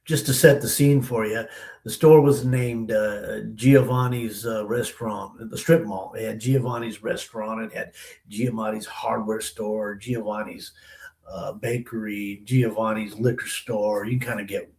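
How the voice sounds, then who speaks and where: A man's voice: on the low side, fairly even intonation, a little slow, darkish tone, reverberant, rough recording. A man from the Denver area telling a long story as an interview guest, in a loose, slangy way with lots of "man" and "you know". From Denver area, USA.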